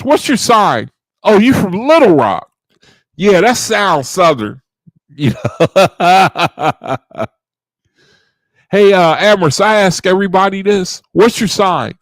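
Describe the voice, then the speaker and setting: A man hosts a study group livestream from his computer, slow and unhurried, his fairly high voice swinging up and down. He chats with viewers, repeating his questions. The sound is dry and close. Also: no echo. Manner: repeats phrases, asks the chat questions. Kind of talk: casual livestream talk with chat.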